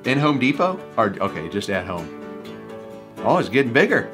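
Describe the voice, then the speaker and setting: A man chats playfully through a run of animal clips, laughing often. His voice swings widely up and down in pitch, and music plays clearly behind him. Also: very animated, moderate pace. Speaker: reaction video host. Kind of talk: casual commentary. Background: music playing.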